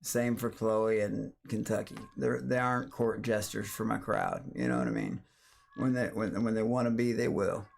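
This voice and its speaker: A man's voice: lowish voice, expressive, moderate pace, gravelly. A man hosting a live stream, talking bluntly and rambling with plenty of swearing. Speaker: streamer host. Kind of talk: casual live-stream chat.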